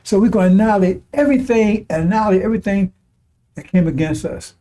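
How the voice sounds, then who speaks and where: A man with a high voice and a mellow, dark tone delivers a fiery broadcast sermon. He mocks and scorns his listeners, chuckling as he goes and hammering on repeated phrases. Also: fast talker. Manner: mocking, scornful, breaks into laughter, repeats phrases. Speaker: preacher. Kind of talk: impassioned religious broadcast sermon.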